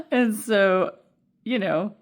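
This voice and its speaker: A woman giving a casual pick-a-card tarot reading, rambling and chatty with many fillers and frequent laughter. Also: mid-range voice.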